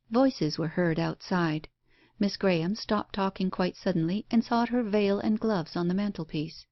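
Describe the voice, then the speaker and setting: A woman narrating a Victorian ghost story audiobook in a measured, even reading. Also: mid-range voice, no room sound, lo-fi sound. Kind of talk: scripted narration.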